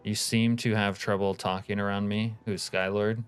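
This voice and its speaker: Chill low-voiced guy streaming a game, cussing, reading chat, music faint behind. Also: level tone, normal speed, smooth. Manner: laid-back, profane, reads chat aloud. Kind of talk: casual live-stream commentary.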